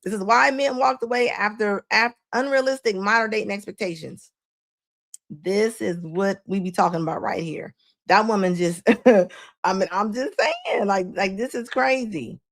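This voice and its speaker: A woman hosting a live stream offers casual reaction commentary, laughing frequently and tossing preachy asides to her viewers. Her medium-pitched voice is animated, moving at a moderate pace.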